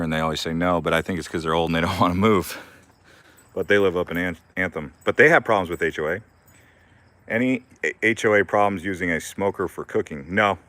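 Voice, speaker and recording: Deep-voiced young man live-streaming outdoors. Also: fairly bright tone, no echo. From Arizona. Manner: rambling, laughs often, talks to his dog. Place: backyard garden outdoors.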